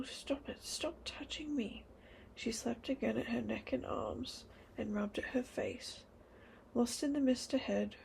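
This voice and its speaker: A woman reading a children's novel aloud in a hushed, breathy whisper. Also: fairly high pitch, slight background noise, low-quality recording. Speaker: storybook reader.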